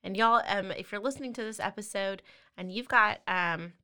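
A woman's voice: mid-range voice, moderate pace, sharp tone, smooth. A woman hosting a podcast, chatting casually and affirming her guest. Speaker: podcast host. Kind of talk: casual interview chat.

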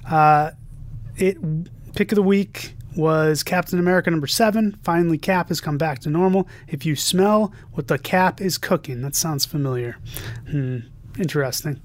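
A man's voice: a little high, moderate pace, no echo. A man co-hosting a podcast, reading listener messages aloud and joking about them in casual chat. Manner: jokey, reads quotes aloud with playful emphasis. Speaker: podcast co-host.

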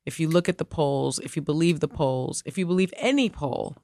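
A woman co-hosts a podcast in a low, dark voice, offering emphatic, opinionated takes with quick asides in a casual way. The recording is dry and studio quality.

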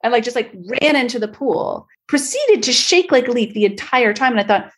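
A woman's voice: fairly high pitch, lively intonation, a little fast, hardly any pauses. A middle-aged woman from Canada, a guest telling stories in a casual interview, chatty and full of fillers. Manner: chatty, filler-heavy storytelling.

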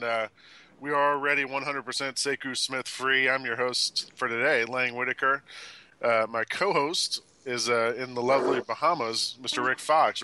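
A man hosting a basketball podcast in relaxed, easygoing chat, laughing often. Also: mid-range voice. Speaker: podcast host. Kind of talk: casual sports chat.

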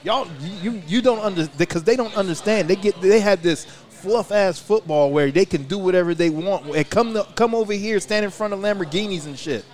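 A man, a former player, holds forth in a loose podcast chat recorded live at a restaurant. He talks with emphasis and swears freely as he gets worked up. His voice sits a little high for a man. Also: fairly quick, few pauses, darkish tone.

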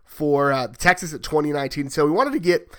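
A man's voice: a little high, expressive, fairly quick. A man hosting a sports podcast, chatty and joking, who asks long rambling questions. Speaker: podcast host. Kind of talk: casual sports podcast chat.

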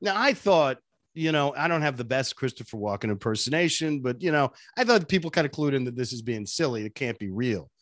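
A man who is a radio personality, telling stories as an interview guest in an animated way and laughing often. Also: medium pitch, fairly quick, dry recording, clean studio sound. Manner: animated, laughs often, jumps between voices. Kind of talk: casual interview storytelling.

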